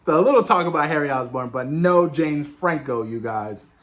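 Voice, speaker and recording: Excited guy retelling a movie. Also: a little high. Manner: excited, retelling scenes with quick impressions of characters; swears casually. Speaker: movie discussion host. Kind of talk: casual spoiler review.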